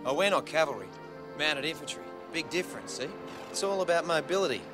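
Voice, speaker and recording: An actor plays a cocky young Australian mounted soldier, blunt and full of slang, speaking in a high voice. He has a broad Australian accent. A music score runs under the dialogue. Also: expressive, fast, natural voice. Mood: grumbling. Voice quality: cocky, plain-spoken slang.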